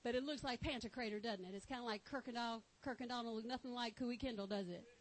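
High-voiced fervent Texan woman preaching. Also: fast, poor audio. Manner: fervent, exclaiming, reading scripture aloud. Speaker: pastor. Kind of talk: sermon.

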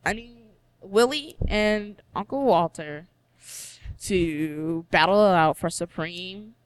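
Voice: medium pitch, slow pace, smooth, dry recording, low-quality recording. A co-host on a casual sports podcast who talks in a chatty, hedging way and giggles often.

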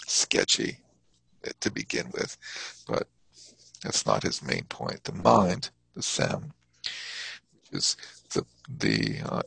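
A husky, gravelly man leads a class, his voice rising and falling a lot. He explains terms in a thoughtful, halting way, pausing to spell out foreign words. His voice sits low and is recorded close and dry. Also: fairly bright tone, no room sound, poor audio. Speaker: Buddhist teacher. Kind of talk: teaching a class.

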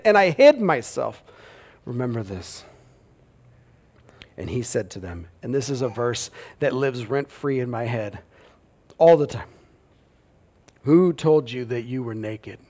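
Casual joking preacher man. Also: a little high. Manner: casual, joking, conversational with the audience. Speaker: pastor. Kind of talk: sermon.

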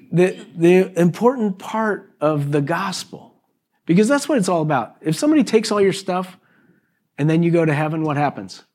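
Preaching to a congregation during a church service, a male pastor takes a chatty approach, sprinkling in "okay" and "right?" and acting out quoted exchanges with his neighbor. His voice is a little high with a darkish tone.

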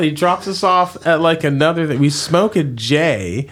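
A man's voice: fairly high pitch, measured pace, fairly bright tone. A young adult man telling a long story in casual chat, rambling, restarting sentences and swearing freely.

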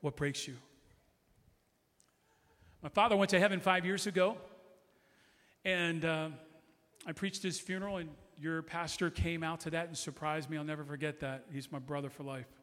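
Middle-aged guy preaching hard, high bright voice, lots of repeating, big reverb church. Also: fairly even intonation, moderate pace, pauses often. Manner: impassioned preaching with repeated declarations. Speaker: guest pastor. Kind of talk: sermon. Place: church sanctuary. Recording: long hall reverb.

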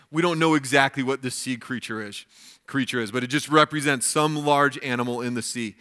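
Male pastor, bright forceful voice, reads and explains scripture. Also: mid-range voice, smooth. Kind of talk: sermon.

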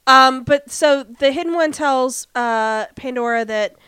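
A woman chatting casually about a TV episode, tossing in swear words and playing out the characters' lines as she goes. Her voice sits a little high and comes across smooth and clear. The sound is dry and close, with no room around it. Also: unhurried, a bit bright, no echo. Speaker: podcast co-host recapping a TV show. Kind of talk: casual chat.

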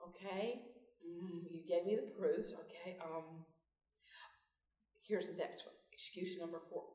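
A woman's voice: fairly low pitch, steady tone, a little slow, mellow. A woman giving a folksy devotional talk, asking her group questions, recorded in a meeting room away from the mic. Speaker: Bible study speaker. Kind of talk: devotional teaching. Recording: roomy, from far off mic.

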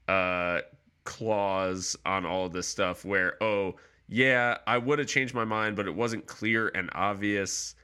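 A man co-hosting a casual sports chat, laying out his view in a measured way. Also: low-pitched, bright, forceful tone, smooth. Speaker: podcast co-host.

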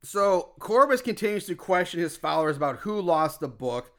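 A man's voice: sits high, moderate pace. A man co-hosting a podcast, casually recapping a film's plot with lots of laughing and swearing. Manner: laughing, profane, animated storytelling. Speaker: podcast co-host recapping a film. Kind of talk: casual chat.

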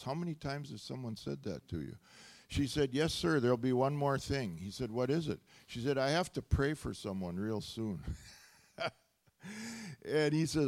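A man preaching a sermon, telling stories with animated delivery, laughing often and rising to loud exclamations. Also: mid-range voice, moderate pace. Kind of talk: sermon storytelling.

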